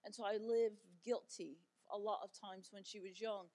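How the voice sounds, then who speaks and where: A woman's voice: mid-range voice, fairly even intonation, moderate pace, warm tone. A middle-aged woman giving an encouraging talk as a guest speaker, telling stories in a chatty way with fillers and light humor.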